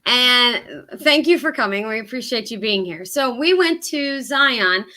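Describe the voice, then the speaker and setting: A woman's voice: a little high, expressive, unhurried, pushed and bright. A woman with a Southern US accent co-hosting a hiking livestream, chatting casually and rambling with many ums. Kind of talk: casual live-stream chat.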